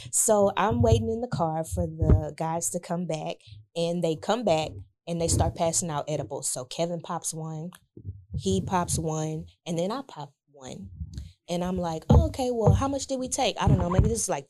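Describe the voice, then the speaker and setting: A woman telling a story in casual chat, animated and laughing often as she acts out what people said. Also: lowish voice, moderate pace.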